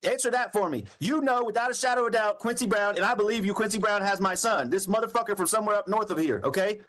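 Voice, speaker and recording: A man in a heated phone argument, yelling, cursing and accusing the other person of lying. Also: sits high, fast. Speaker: caller on a recorded phone call.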